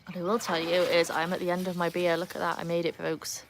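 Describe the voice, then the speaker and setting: Welsh woman streaming by her pool, lowish voice, chatty and laughing, phone mic, faint outdoor hum. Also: completely flat delivery, fast. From North Wales. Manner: chatty, laughs often, talks to her dogs in a higher voice. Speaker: livestream host. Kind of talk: casual live-stream chat.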